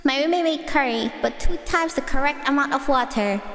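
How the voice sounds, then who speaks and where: A woman's voice: high-pitched, a little fast, fairly bright tone. A young woman streaming, chatting casually with viewers in a playful, giggly, rambling way, with an echo effect on her voice. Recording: echoey reverb with faint music.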